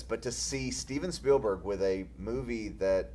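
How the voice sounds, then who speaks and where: A man's voice: on the low side, brisk, hardly any pauses, darkish tone. A man, a film director, chatting casually and rambling through anecdotes with many restarts and stammers. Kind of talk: casual chat.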